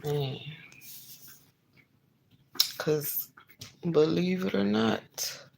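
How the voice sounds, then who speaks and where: Slow, low-voiced woman hosting a Bible stream. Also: gravelly, slight background noise, poor audio. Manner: chatty, addresses viewers as y'all, laughs easily; reads scripture aloud in a louder, emphatic delivery. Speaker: online Bible reading host. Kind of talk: casual livestream chat and scripture reading.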